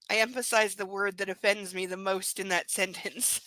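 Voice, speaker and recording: A woman's voice: mid-range voice, fairly even intonation, moderate pace, few pauses, pushed and bright, no echo, low-quality recording. A woman reading a novel aloud live, breaking off for sarcastic, laughing asides about the story. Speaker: reader. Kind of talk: live book reading with commentary.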